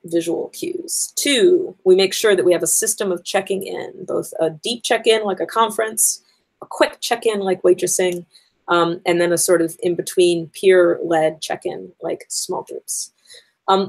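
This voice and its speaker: Female educator, low gravelly voice, casual step-by-step talk to fellow teachers. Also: rough recording. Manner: conversational, frequent ums and likes; explains step by step, enumerating points.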